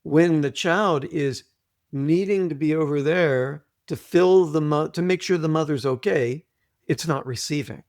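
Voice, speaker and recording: A man guesting on an interview podcast, explaining things deliberately, repeating his points and often clearing his throat. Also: fairly high pitch, darkish tone, no room sound, studio quality. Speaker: guest, trauma author. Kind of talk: conversational interview, teaching.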